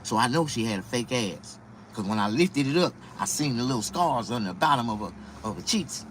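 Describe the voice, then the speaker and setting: A young male comedian tells a long, rambling story with crude language, and his pitch swings up and down freely as he acts things out. His voice sits in the middle range, and a faint hiss of noise runs underneath. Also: brisk. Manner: animated, profane, rambling. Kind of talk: stand-up storytelling.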